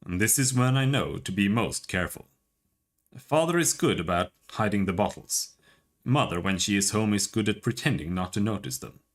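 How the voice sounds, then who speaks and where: A haunted young man wizard from a fantasy game, speaking low, quiet and measured, as a man reads him. The tone rises and falls widely. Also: expressive.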